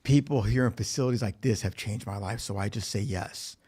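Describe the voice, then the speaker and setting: His low-leaning voice is mellow yet slightly rough, and he speaks a little fast. The setting is a recovery facility meeting room, where he tells his recovery story as personal testimony, cursing freely and acting out what people said.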